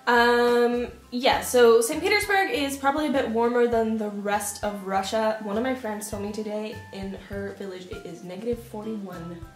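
A woman's voice: fairly high pitch, normal speed, few pauses. A woman co-hosting a casual vlog, chatting in a loose, self-deprecating way with filler ums. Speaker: vlogger co-host. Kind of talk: casual chat. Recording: roomy echo with faint music.

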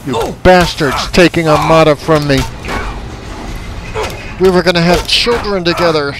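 A man narrating a video game as he plays, slipping into over-the-top romantic pleading and playful jokes. His voice sits a little high, with a faint hiss of noise behind it. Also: a little slow. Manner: mock-romantic, teasing, over-the-top endearments. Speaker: let's play gamer. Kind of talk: playful let's play commentary.

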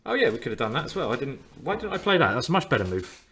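A man's voice: medium pitch, sing-song, very fast, a bit bright, a little hiss or hum. A man coaching chess on a live stream in a chatty, playful way, often repeating his words. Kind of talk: casual live-stream commentary.

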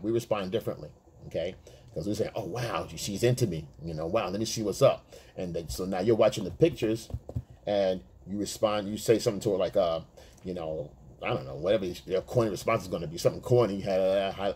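A man with a lowish, slightly mellow, breathy voice acts as a dating coach for other men in a casual monologue to male viewers. He is blunt and streetwise, swears freely, and acts out chat messages.

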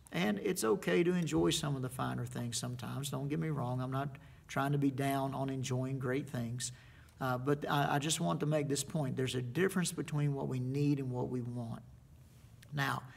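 A middle-aged man preaching a sermon, telling stories in a folksy way with slow, emphatic pauses. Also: on the high side, creaky.

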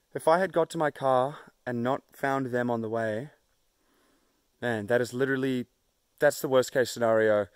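A man's voice: medium pitch, moderate pace, smooth, no room sound. A young man vlogging alone on a mountain trail, exhausted and in pain, talking with frequent weary sighs into a handheld camera. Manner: weary, sighing often. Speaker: solo hiker vlogger. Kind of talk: casual video diary. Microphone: handheld phone or action camera.

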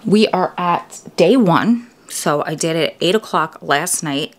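A woman in her thirties chatting casually to the camera at home in a video diary, sometimes dropping to a hushed whisper. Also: fairly low pitch, unhurried. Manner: chatty, self-narrating. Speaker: vlogger.

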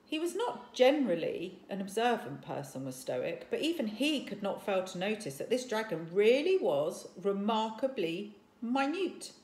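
A woman teacher reading a story aloud to children, animated, and stopping to ask questions. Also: medium pitch, moderate pace, hardly any pauses. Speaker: primary school teacher. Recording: echoey room.

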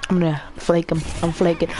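A woman giving casual commentary while playing a video game, excitable, often squealing and laughing at the screen. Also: on the low side, measured pace, a little hiss or hum. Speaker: gamer.

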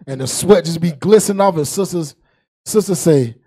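A man's voice: fairly high pitch, fairly quick, warm tone. A man preaching a humorous sermon. He laughs often, drags out key words, and calls on a reader to recite verses. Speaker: preacher and teacher.

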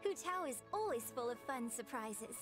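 A woman's voice: a little high, expressive, loud music behind the voice, close to an everyday voice. A woman voicing a poised, strict opera mentor. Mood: composed. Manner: poised, measured.

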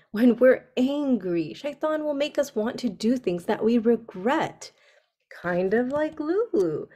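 A woman telling a story to children on a video call, speaking gently and asking them questions. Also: fairly high pitch. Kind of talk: interactive story session for kids.

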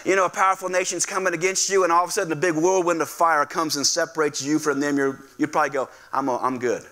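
A male pastor preaching a lively sermon, acting out voices and calling on the congregation to respond. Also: a little high, quick pace. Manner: animated, acts out quoted voices, asks the congregation to respond. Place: church sanctuary.

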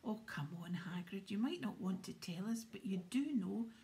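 A woman's voice: medium pitch, animated, normal speed, warm tone, lightly acted. A woman voicing a clever, coaxing schoolgirl in a whispered role-play.

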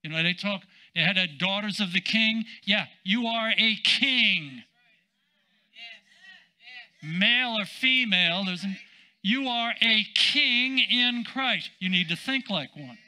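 An older man, a senior pastor, preaching a sermon in an emphatic, drawn-out way with casual asides. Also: high voice, expressive, bright, forceful tone, rough recording.

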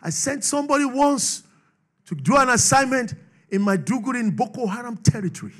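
A Nigerian man preaching a sermon, swinging from shouted declarations to low asides and laughing often. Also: animated, a little fast. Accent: Nigerian English. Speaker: pastor.

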